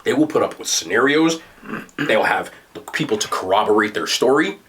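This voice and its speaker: A young man with a New Jersey accent, telling stories in casual chat as a podcast host. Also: normal speed. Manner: animated storyteller, excited jumps in pitch.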